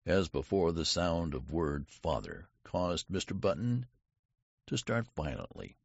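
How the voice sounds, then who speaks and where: Deep gravelly male audiobook narrator. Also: sing-song, unhurried, no room sound, muffled recording. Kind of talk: scripted narration.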